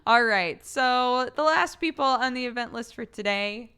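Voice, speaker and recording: A woman's voice: a little high, unhurried, sharp tone, smooth. Giggly woman streamer with a sore throat. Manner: giggly, casual swearing. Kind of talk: casual stream chat.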